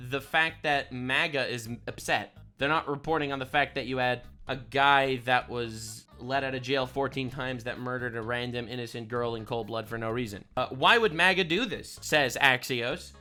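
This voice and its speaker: A man's voice: medium pitch, fairly even intonation, normal speed, few pauses, sharp tone, clear, resonant tone, soft background music. A man delivering ranting commentary, sarcastic and full of profanity, with angry outbursts. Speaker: online commentator.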